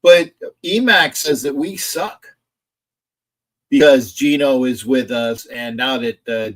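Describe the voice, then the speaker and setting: A man hosting a casual live stream about football, rambling, reading chat messages aloud and arguing back at them from a home setup in front of a camera. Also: medium pitch. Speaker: sports streamer.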